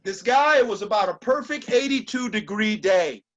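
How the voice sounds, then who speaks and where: A man's voice: high voice, lively intonation, normal speed, fairly bright tone, dull audio. A man giving a motivational speech with an emphatic, preacher-like cadence and lots of repetition. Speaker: motivational speaker.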